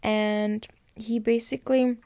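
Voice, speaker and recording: A young woman hosts a podcast, recapping a TV episode slowly in a chatty, filler-heavy way and quoting dialogue. Her voice is fairly high, mellow and clean, with flat delivery and no echo.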